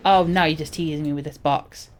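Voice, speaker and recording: A woman streaming a game, chatting in a relaxed, low-key way with lots of fillers. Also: a little fast, slight background noise. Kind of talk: casual gaming chatter.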